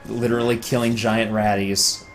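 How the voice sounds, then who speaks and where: A man's voice: lowish voice, flat delivery, moderate pace, soft background music. A man casually commentating a video game with a friend, joking and swearing, now and then slipping into silly put-on voices. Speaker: let's play commentator.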